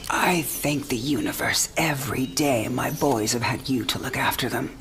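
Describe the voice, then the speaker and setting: A frail old mother, low voice. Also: normal speed, slight background noise. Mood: tender. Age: older. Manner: soft, breathy, half-whispered. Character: dying elderly mother, warm and frank. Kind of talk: game cinematic acting.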